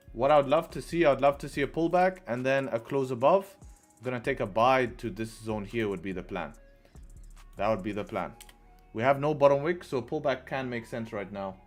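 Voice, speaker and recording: A young man hosting a live trading stream, chatting casually and answering viewers' questions as he goes. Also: medium pitch. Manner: laid-back, chatty, reads chat aloud. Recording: faint music behind.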